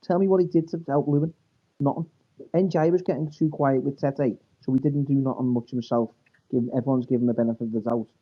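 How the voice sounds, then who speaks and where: A man argues football on a fan podcast, stammering and restarting as he cuts in. His voice sits at an ordinary pitch for a man. The sound of his line is dull and muffled. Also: fairly even intonation. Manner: stammering, quick to interrupt. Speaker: podcast co-host. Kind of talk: heated football fan chat.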